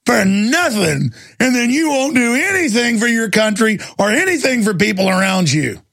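Gravelly ranting male radio host. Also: animated, moderate pace. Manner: shouting and ranting, voice climbing high when angry. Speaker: radio talk show host. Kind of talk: angry on-air rant.

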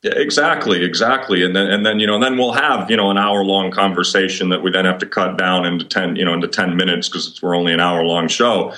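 Male radio guest, very low and bright, halting, repeats himself. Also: little pitch movement. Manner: halting, full of "you know" restarts. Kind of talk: casual interview talk.

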